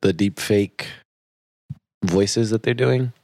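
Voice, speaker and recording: A laid-back young man chatting with friends in a low, gravelly voice. He speaks in loose slang, trails off and laughs often. The recording is dry and close. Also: slow pace, dark tone, no echo. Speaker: friend in a casual group chat. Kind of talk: casual chat.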